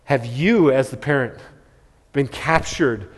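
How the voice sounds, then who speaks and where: A man's voice: mid-range voice, takes it slowly, husky. A man preaching a sermon as pastor. He speaks emphatically and often repeats words as he restarts. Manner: emphatic, with stammered word repeats. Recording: long hall reverb.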